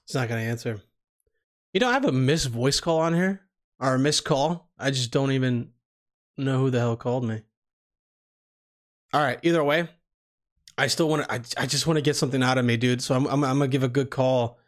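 A man's voice: mid-range voice, a little fast, pauses often. A man giving casual, offhand commentary between prank calls, swearing and laughing easily. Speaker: prank call streamer.

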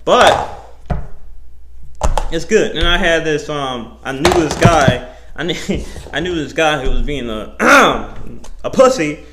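A young man hosting his own podcast, talking in a rambling, profane, animated way, full of slang and self-interruptions. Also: a little high, takes it slowly, pauses often, heavy background noise. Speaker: podcast host. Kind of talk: casual solo podcast monologue.

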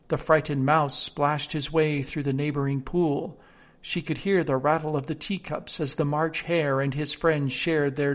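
A man reads a storybook aloud in a steady, clear narration. His voice sits a little higher than most men's. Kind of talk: storybook reading.

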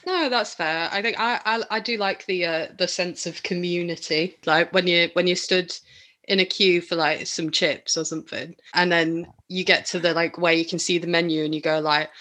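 A young woman chats on a podcast, her voice bright and a little low. She talks in a rambling, animated way, often breaking off mid-thought and laughing. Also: normal speed. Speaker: podcast co-host. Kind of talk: casual chat.

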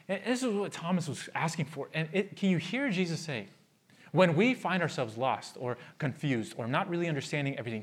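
A man preaching a sermon as pastor, telling a personal story with animation and then easing into soft, earnest prayer. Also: sits high, expressive, fairly quick.

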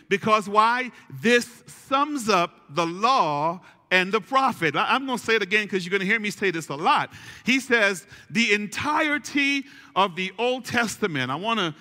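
A male pastor preaching a sermon, slowing down to stress key phrases and calling on the congregation to repeat after him. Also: sits high, animated, pushed and bright. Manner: preaching with call-and-response, slow emphatic repetition. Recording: long hall reverb.

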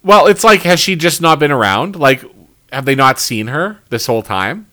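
A man's voice: on the high side, expressive, moderate pace, bright, forceful tone. A man co-hosting a casual podcast, reviewing a TV show with sarcasm, frequent swearing and laughter. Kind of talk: casual chat.

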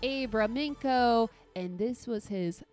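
A woman co-hosting a casual comedy podcast, joking quickly and laughing often. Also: a little high, darkish tone, soft background music. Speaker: podcast co-host.

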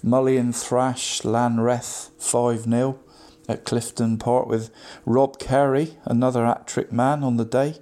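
A man's voice: medium pitch, little pitch movement, slow, hardly any pauses, warm tone. Chatty man reading football results. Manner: chatty, constantly says "mate", frequent ums and restarts. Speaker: local football results presenter. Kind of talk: casual radio football roundup.

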